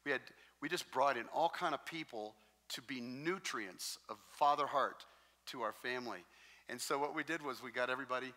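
A male pastor delivers a sermon, spinning stories in an animated, jokey way. His voice is bright and forward, sitting at an average pitch for a man. The sound carries a long, lingering reverb from a large hall. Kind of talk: sermon with storytelling.

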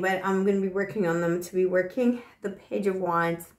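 A woman with a lowish voice and steady tone does a casual tarot reading to camera at normal speed. She's chatty and affectionate, sprinkling in fillers like "you know," and sounds a little short of breath; the audio is roomy.

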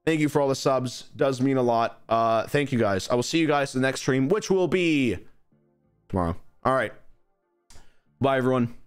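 A man's voice: mid-range voice, animated, moderate pace, clean tone, faint music behind. A young man streaming, chatting in a playful, rambling way as he wraps up. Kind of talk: casual chat.

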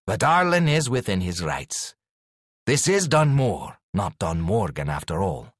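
A man voicing a proud, impatient young duke who speaks in a measured, formal way in an audiobook. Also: lowish voice, very animated, no echo, clean studio sound.

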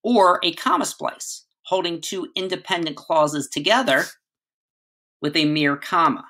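A man's voice: fairly high pitch, lively intonation, normal speed, sharp tone. A middle-aged man giving a conversational writing lesson as a teacher, often checking in with "right?" as he explains.

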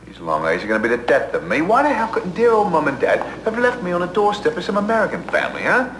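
A man's voice: high-pitched, huge pitch swings, fast, fairly bright tone, exaggerated voice. An actor playing an English man with an English accent who grumbles dryly and mocks himself over faking an American accent, in soap opera acting. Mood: exasperated. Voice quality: dry, self-mocking grumbling. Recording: noisy old TV recording.

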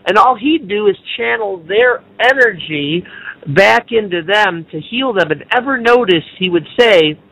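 A man's voice: high voice, expressive, measured pace, creaky, bright, forceful tone, poor audio. A man on a talk radio show, earnestly explaining his spiritual views in a lecturing way. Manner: earnest, lecturing, mocks others in exaggerated voices.

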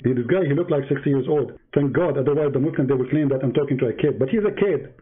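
A man's voice: mid-range voice, fast, breathy edge. A man hosting a heated live debate, mocking and taunting his opponent in broken English. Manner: broken, non-native English grammar. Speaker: debate host. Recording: tinny phone-like line.

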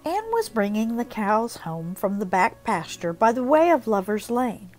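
Expressive woman reading an audiobook. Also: a little high, a little slow, faint music behind, poor audio. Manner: expressive storytelling. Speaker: audiobook narrator. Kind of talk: scripted audiobook narration.

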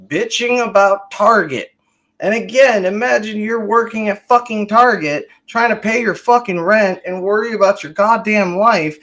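A man hosting a ranting political commentary, profane, sarcastic and heated. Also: fairly high pitch. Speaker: commentary host.

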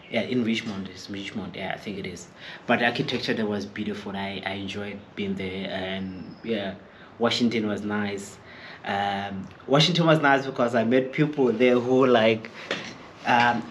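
Young south african guy vlogging, mid pitch, rambly, keeps repeating himself. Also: slight background noise. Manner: rambling, hesitant, repeats words. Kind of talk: casual storytelling to camera.

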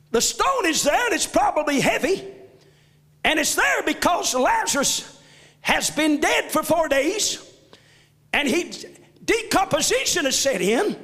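Man, pastor, fervent church sermon, very high voice, lively pitch. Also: long reverb tail. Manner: fervent preaching, often shouting. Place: church sanctuary.

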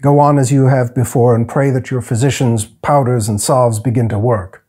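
Guy doing a polite little healer man, soft formal storybook voice, dark and husky. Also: medium pitch, fairly even intonation, natural voice. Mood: calm, courteous. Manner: formal, soothing, slow and careful.

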